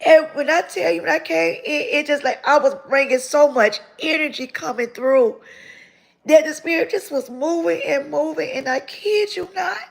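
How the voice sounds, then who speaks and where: A woman, telling her own story to her viewers in an animated, repeating way that turns tearful. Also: high-pitched, normal speed, gravelly. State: tearful near the end. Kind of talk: emotional testimony to viewers.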